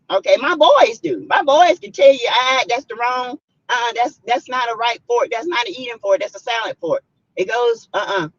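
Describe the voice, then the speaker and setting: Middle-aged Southern woman, casual live-stream chat, husky, lively pitch, dull lo-fi sound. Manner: emphatic, animated storytelling with loud bursts. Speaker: vlogger reading live chat.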